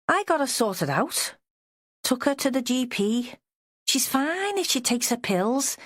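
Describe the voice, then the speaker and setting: A woman's voice: fairly high pitch, no room sound, studio quality, pitched above the performer's own voice. A woman reading an audiobook, voicing an anxious, devoted Liverpool husband with a weedy voice.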